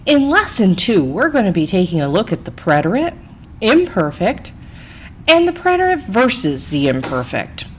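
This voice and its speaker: A woman's voice: mid-range voice, slight background noise, rough recording. A woman Spanish teacher narrating a recorded slide lesson, chatty, explaining step by step and checking in with "okay?".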